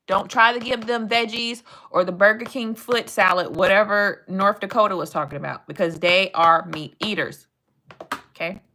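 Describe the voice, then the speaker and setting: A woman's voice: mid-range voice, normal speed, pushed and bright, a little hiss or hum. A young woman chatting playfully with her live-stream chat and reading animal facts aloud.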